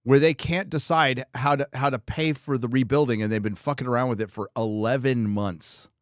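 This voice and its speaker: A man's voice: mid-range voice, steady tone, normal speed, no room sound, studio quality. A man hosting a podcast, talking in a blunt, ranting casual style. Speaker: podcast host. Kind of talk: casual chat.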